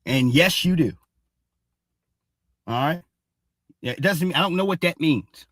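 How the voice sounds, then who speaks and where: A man's voice: fairly high pitch, measured pace, a bit bright, no room sound, studio quality. A man hosting a ranting commentary show, heated and mocking, cursing and repeating "all right?" again and again. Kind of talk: ranting commentary on social media posts.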